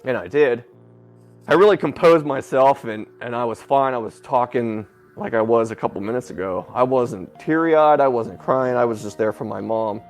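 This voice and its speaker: A man telling a painful personal story as an interview guest, halting and breaking off with filler sounds, sounding close to tears. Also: medium pitch, faint music behind. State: emotional, near tears. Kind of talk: emotional personal account.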